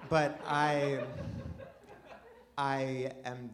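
A man's voice: medium pitch, little pitch movement, very slow, crowd noise. A man doing a stand-up comedy set, chatty and self-deprecating, rambling with frequent restarts. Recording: live room with audience laughter. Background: audience laughter.

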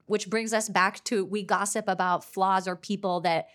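Animated young woman telling stories. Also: mid-range voice. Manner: animated storyteller, quick bursts. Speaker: podcast co-host. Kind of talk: casual chat.

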